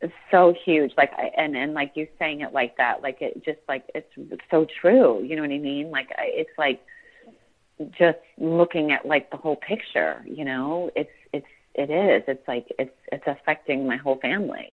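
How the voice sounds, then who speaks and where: A woman in her forties giving a podcast interview, halting and full of fillers and restarts as she talks about her family. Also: deep voice. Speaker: podcast guest. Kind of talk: emotional personal interview. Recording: tinny phone-like line.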